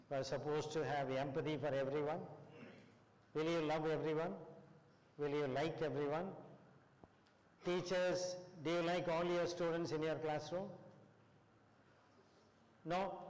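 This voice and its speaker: A man's voice: a little high, darkish tone. A man with an Indian English accent giving a classroom lecture on counselling, quizzing the students and acting out quotes. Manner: asks the class questions and acts out quotes. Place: college classroom. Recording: long hall reverb.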